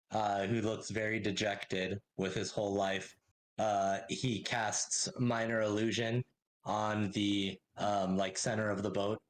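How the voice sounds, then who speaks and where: A man running a tabletop game as game master, narrating in a relaxed, hesitant way with lots of fillers. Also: fairly low pitch, slight background noise, poor audio.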